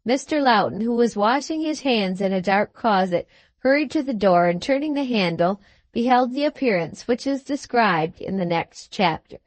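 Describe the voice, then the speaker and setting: A woman narrating a classic novel as an audiobook, reading in an even, measured way. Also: on the high side, dry recording. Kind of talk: scripted narration.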